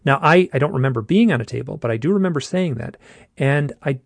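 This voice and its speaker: Gravelly man telling a strange story. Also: medium pitch, expressive, no room sound, clean studio sound. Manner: halting, restarts often, says "like" a lot. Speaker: guest telling his own story. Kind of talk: casual storytelling.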